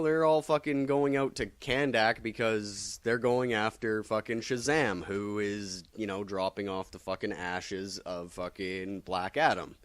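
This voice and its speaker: A man's voice: lowish voice, no echo. Swearing, rambling man recapping comics. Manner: rambling, heavy swearing, filler-laden. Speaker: comic book vlogger.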